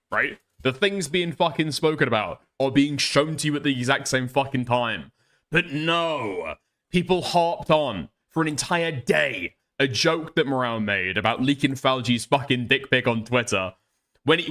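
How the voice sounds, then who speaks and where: A man's voice: mid-range voice, a bit bright. A man streaming live, reacting to a clip with profane, exasperated commentary and laughing asides.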